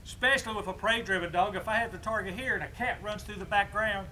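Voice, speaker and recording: A man with a high voice explains dog obedience commands as he works a puppy outside. He talks chatty and instructive, straight to the viewer, with faint outdoor noise behind him. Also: quick pace, pushed and bright. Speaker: dog trainer. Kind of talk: outdoor training demonstration.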